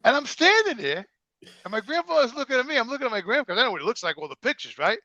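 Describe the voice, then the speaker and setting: A middle-aged man with a thick New York accent spins profane, animated stories. His voice is high and gravelly, and it is recorded close and dry. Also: racing, dry recording, lo-fi sound. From Brooklyn, New York. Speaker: guest. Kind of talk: casual storytelling.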